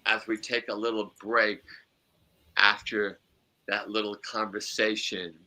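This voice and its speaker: Male podcast host, rambling casual chat, unhurried delivery, very bright tone. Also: lowish voice, little pitch movement. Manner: rambling, chuckling asides. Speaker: podcast host and psychic medium.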